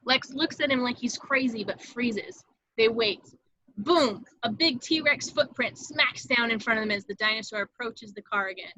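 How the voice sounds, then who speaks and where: A woman narrating the stage directions at an amateur table read with a dramatic, expressive delivery. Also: on the high side, normal speed, dry recording, lo-fi sound.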